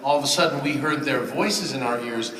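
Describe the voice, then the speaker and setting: Measured man answering on a panel. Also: medium pitch, a bit bright, a little hiss or hum. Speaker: voice actor on a convention panel. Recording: echoey hall from far off.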